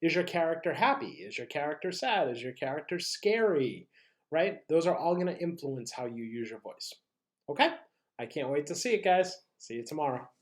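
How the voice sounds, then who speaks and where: An upbeat teacher at a mid pitch, leading a recorded online lesson. The delivery is encouraging, with steady check-ins with the students. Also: normal speed. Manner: upbeat, encouraging, leads warm-ups and tongue twisters. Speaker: drama and language teacher.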